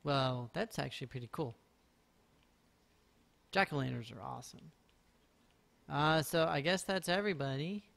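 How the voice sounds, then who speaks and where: A man chats through a live game stream in a rambling, easygoing way. His voice sits a little on the high side. He drifts between topics and pokes fun at himself. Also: normal speed, creaky, pauses often, fairly bright tone. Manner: rambling, chatty, self-mocking jokes. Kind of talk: casual live-stream commentary.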